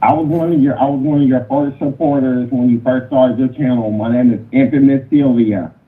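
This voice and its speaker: A man's voice: mid-range voice, fairly even intonation, brisk. A male caller on a live show who stammers, then freestyles insult-heavy rap rhymes at the host. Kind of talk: call-in chat and freestyle rap battle. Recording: tinny phone line with faint noise.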